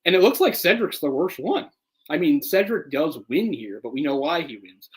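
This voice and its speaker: A man co-hosting a casual live movie commentary, chatty and opinionated, getting heated and animated as he picks apart the adaptation. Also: on the high side, moderate pace, poor audio. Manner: opinionated, gets heated and animated when ranting; chatty, full of "like" and restarts. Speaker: film commentary co-host.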